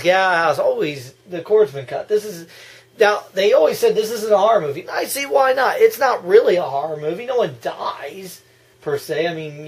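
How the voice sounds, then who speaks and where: A man with a high voice gives excitable, casual reactions to a movie, gushing about it and bursting into laughter and yells.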